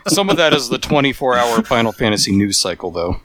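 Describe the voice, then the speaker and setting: A man's voice: medium pitch, sing-song, a little fast, over a noisy crowd. A man co-hosting a casual podcast, dramatic and emphatic in his delivery. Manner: dramatic, emphatic, laughs often. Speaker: podcast co-host.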